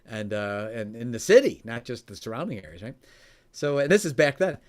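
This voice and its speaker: A man telling a story in conversation, animated and laughing often, his voice jumping high when excited. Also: brisk. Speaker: coach and former radio host.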